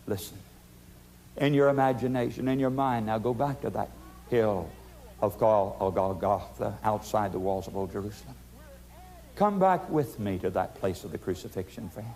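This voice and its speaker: A man preaching an impassioned sermon, repeating questions and pleading with listeners, swinging from loud appeals to hushed, slow emphasis. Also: medium pitch. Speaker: pastor.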